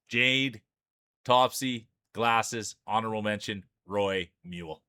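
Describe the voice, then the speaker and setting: A man's voice: mid-range voice, moderate pace, fairly bright tone, clear, resonant tone, no room sound. A man streaming live, calling marble races like a sports announcer and greeting viewers by name. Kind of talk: live stream race commentary.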